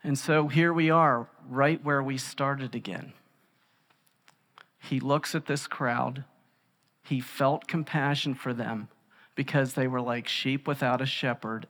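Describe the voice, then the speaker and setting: Animated preacher man in an echoey hall. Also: a little high. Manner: conversational, animated, with emphatic rises. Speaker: pastor. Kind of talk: sermon. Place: large room with an audience.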